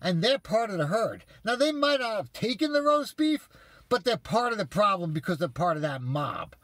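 A man's voice: high voice, big pitch swings, normal speed, fairly bright tone, dry recording. A man telling viewers an exasperated story in a casual, profane rant. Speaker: vlogger ranting to viewers.

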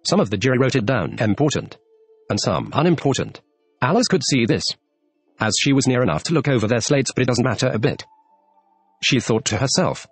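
A man's voice: medium pitch, very animated, fairly quick, slightly rough, no room sound. A man narrating a classic storybook, reading expressively and giving the characters their lines. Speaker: audiobook narrator. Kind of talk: scripted narration. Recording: dry close mic, faint music behind.

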